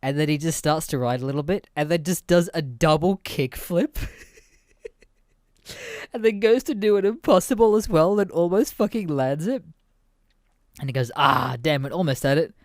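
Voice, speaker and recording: A podcast host in his twenties tells stories in a casual, rambling way full of fillers, swearing freely and laughing often. His voice is fairly high and darkish with lively intonation, normal speed and frequent pauses. The recording is studio quality with no echo.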